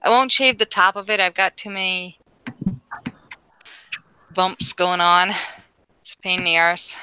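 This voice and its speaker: A woman's voice: on the low side, pushed and bright, clear, resonant tone, rough recording. A woman with a Newfoundland accent chatting casually on a video call, laughing often and breaking off mid-sentence. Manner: giggly, halting and self-interrupting. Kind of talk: casual group chat.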